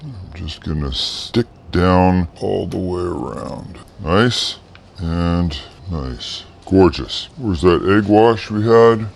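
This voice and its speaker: A middle-aged man with a lowish voice hosts a casual cooking demo from a home kitchen. He chats as he works and gushes over how good everything looks and tastes. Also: lively intonation, takes it slowly, gravelly. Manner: enthusiastic, chatty, exclaims over the food. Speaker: cooking show host.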